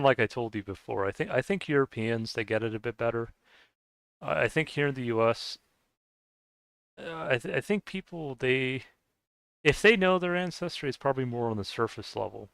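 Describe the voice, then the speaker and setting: A man's voice: medium pitch, gravelly, a bit bright, smooth, dry recording, studio quality. An American man with a Scottish-sounding accent, chatting casually and rambling hesitantly while streaming a game, laughing often. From United States. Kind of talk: casual chat while gaming.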